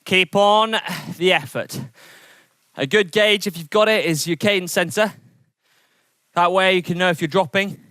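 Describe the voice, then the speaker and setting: A man coaching an indoor cycling workout, energetic and encouraging as he calls out intervals and counts down, sweating as he rides. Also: high-pitched, moderate pace, no room sound, studio quality. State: sweating from exertion. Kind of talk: coaching a training session.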